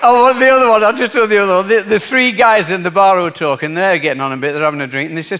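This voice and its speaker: A man's voice: high-pitched, very fast, few pauses, a faint crowd. A man, telling jokes in a chatty, playful stand-up act on a theatre stage. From Yorkshire, England. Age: 70s. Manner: chatty, relaxed, playful storyteller. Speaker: stand-up comedian.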